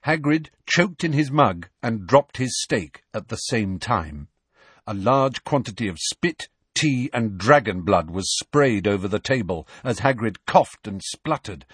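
A man narrating a story with expressive storytelling. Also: on the low side, unhurried, husky, no room sound, clean studio sound. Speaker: audiobook narrator. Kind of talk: scripted narration.

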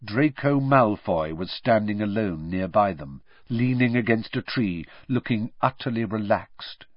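A man reading fiction aloud as an audiobook narrator, measured but expressive. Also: on the low side, no room sound. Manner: measured storytelling with lively swings. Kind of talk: scripted narration. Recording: dull dry lo-fi recording.

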